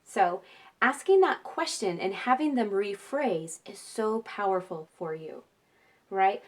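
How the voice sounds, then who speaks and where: A woman's voice: fairly high pitch, sing-song, unhurried. A woman, a mother, talking casually to viewers with parenting advice, often checking in with "right?" and laughing. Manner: chatty, with frequent tag questions and laughter.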